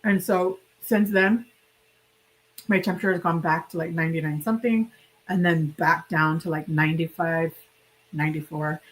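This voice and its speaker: A woman's voice: low voice, fairly even intonation, normal speed, poor audio. Sick woman chatting casually on a stream. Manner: chatty, rambling, talks directly to viewers. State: sick, hiccuping. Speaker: livestream host. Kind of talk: casual livestream chat.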